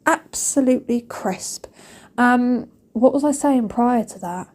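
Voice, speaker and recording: A woman's voice: fairly high pitch, measured pace, darkish tone. A British woman chatting through a cleaning vlog, rambling and self-mocking with playful asides. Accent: British English. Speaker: cleaning vlogger. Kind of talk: chatty voice-over while cleaning. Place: home kitchen.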